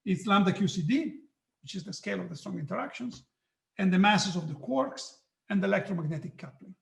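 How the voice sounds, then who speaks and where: A man giving a physics lecture online, halting, with many restarts and frequent "okay"s. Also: high-pitched, animated, gravelly, echoey room. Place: hot room.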